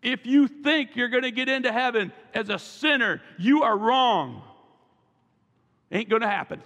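A man's voice: very high voice, a little fast, sharp tone. A male pastor preaching a sermon with emphasis and calling the congregation to repeat after him. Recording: long reverb from a large hall.

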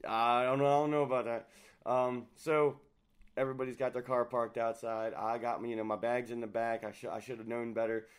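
A man's voice: medium pitch, flat delivery, brisk, smooth. A man hosting a casual podcast chat, rambling along with many fillers. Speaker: host.

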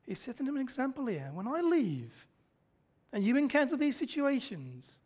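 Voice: high-pitched, sing-song, moderate pace, a little mellow. Pastor, chatty sermon style, fires rhetorical questions, chuckles through lines. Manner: conversational, quizzes the congregation, frequent rhetorical questions; chuckles often mid-sentence. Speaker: preacher.

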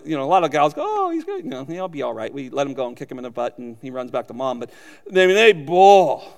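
A man with a high voice preaches a sermon in a church sanctuary, his words trailing off in a long hall reverb. He is emphatic and folksy, pressing his points home with ranch stories. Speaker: pastor.

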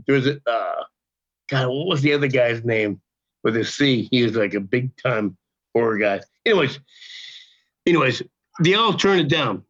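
An older man telling a story as a podcast guest, in a casual, profane, animated way, acting out the people he quotes. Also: medium pitch, normal speed, pauses often. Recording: dull lo-fi sound.

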